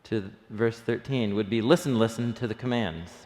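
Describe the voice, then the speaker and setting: A man's voice: on the low side, normal speed, a little mellow. A man leading an early-morning Bible study, teaching in an enthusiastic, conversational way and thinking aloud with plenty of fillers. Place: church room. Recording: long reverb of a hall.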